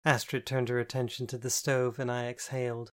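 A male audiobook narrator reading a novel in the first person. His delivery is measured and even, in a medium-pitched voice.

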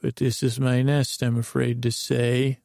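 Slow, gravelly, flat-voiced man rambling. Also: mid-range voice, no room sound, clean studio sound. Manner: drowsy rambling monotone with many fillers. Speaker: podcast host. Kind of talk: meandering bedtime story.

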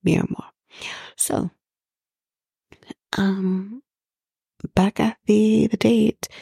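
Woman, podcast host, raspy gravelly voice, slow talk, profane incredulous rant, whispered asides. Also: mid-range voice, warm tone, dry recording, studio quality. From Canada. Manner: drops into whispers for emphasis. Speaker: podcast host recapping a reality show. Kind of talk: casual recap chat.

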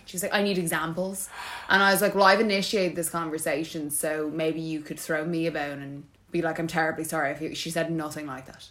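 A woman's voice: sits low, a little fast. A young Irish woman co-hosting a podcast, telling work stories in casual chat and acting out what people said. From Ireland. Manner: animated storytelling, acting out quotes. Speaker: podcast co-host.

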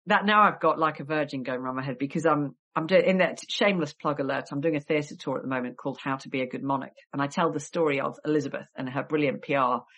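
A woman's voice: sits low, fast, hardly any pauses, a bit bright. A woman historian with a cold, telling stories in a chatty podcast interview with wry asides. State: has a cold. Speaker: guest historian and author.

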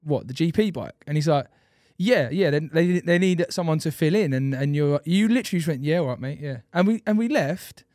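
A young man hosting a podcast, chatting casually in fast banter full of slang and tag questions. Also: fairly high pitch, a little mellow, no room sound, studio quality. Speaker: podcast host. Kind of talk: casual chat.

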